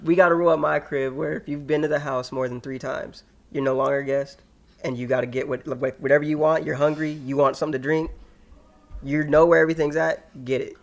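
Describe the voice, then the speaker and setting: A young man with a slightly high, gravelly voice chats in loose, slangy podcast talk. He tells stories with lively energy and laughs often along the way. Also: fairly quick. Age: young adult. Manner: slangy, laughing, animated storytelling. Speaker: podcast co-host. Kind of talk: casual chat.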